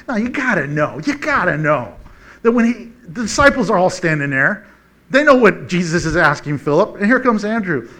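A man with a notably high voice delivers a casual, conversational sermon. He talks in a folksy, animated way and often chuckles between points. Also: normal speed. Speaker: preacher.

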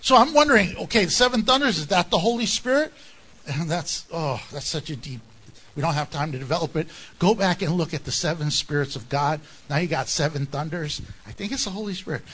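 High, lively-voiced preacher man. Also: a little fast, husky. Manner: animated, conversational preaching with jokes and asides. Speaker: pastor. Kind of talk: sermon.

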